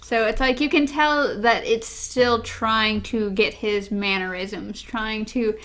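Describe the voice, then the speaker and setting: A woman's voice: a little high, steady tone, slow pace, fairly bright tone. A woman co-hosting a podcast, chatting through a TV episode and quoting the characters' lines as she retells it. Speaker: podcast co-host. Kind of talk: casual episode recap.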